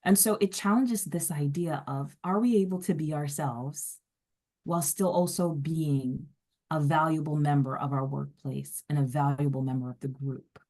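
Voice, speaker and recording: A woman's voice: sits low, moderate pace, mellow. A woman facilitating a workplace workshop, conversational, putting questions to participants. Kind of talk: workshop lecture.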